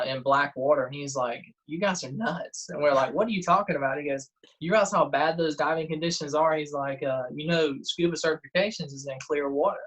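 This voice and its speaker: A man, a guest in a casual interview, telling lively stories and acting out quotes. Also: a little high, poor audio. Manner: animated storyteller, acts out quotes, frequent "uh" and laughs. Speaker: guest diver and detectorist.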